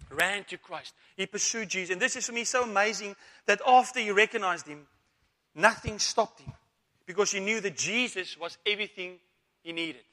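A man's voice: high-pitched, bright, forceful tone. A man preaching a sermon, asking rhetorical questions, calling for amens and repeating words as he goes. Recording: long reverb of a church hall.

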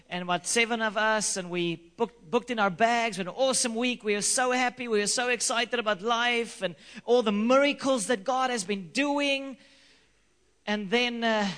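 A man preaching a sermon, telling a story with animated delivery and repeating key lines for emphasis. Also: sits high. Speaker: pastor. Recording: long reverb of a hall.

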